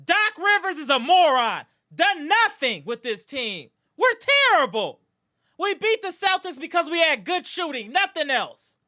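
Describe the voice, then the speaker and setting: A woman's voice: high-pitched, very animated, measured pace, sharp tone. A woman hosting a live sports reaction stream, ranting in anger and frustration with repeated outbursts. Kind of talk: live fan reaction rant.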